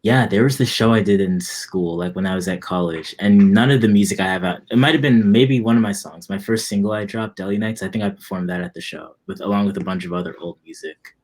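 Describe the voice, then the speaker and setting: A young man in his twenties, a musician guest in a casual interview, talking in a relaxed, rambling way with lots of fillers. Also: lowish voice, quick pace, hardly any pauses.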